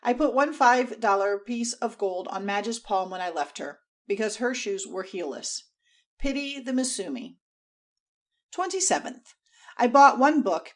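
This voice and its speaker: A woman narrating an audiobook diary in an expressive, theatrical way, swinging between bright exclamations and hushed asides. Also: mid-range voice. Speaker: audiobook reader.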